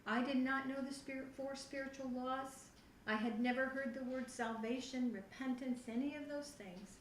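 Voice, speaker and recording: A middle-aged woman telling her personal testimony to a youth group, animated and acting out her own past reactions. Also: high-pitched, moderate pace. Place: church youth room. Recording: echoey room, voice from far off the mic, faint noise.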